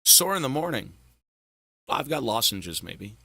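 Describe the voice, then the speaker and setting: A man with a hoarse, worn-out voice chatting casually with viewers on a gaming live stream, loose and swearing. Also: medium pitch, very animated, sharp tone, dry recording, clean studio sound. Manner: slow, loose, swearing banter. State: hoarse, sore throat. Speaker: gaming livestreamer.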